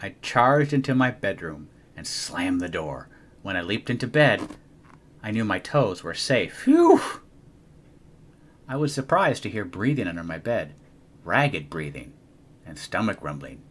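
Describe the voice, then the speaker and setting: A young adult man reading a children's storybook aloud in an expressive, animated way. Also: low voice, normal speed, a little hiss or hum. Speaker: storybook reader.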